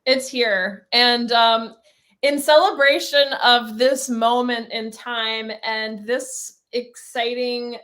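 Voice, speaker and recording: A woman hosting a livestreamed panel, gushing and excitable, with fillers as she talks. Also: a little high, slow. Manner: gushing, excitable, self-described nerding out. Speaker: host. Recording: online video call.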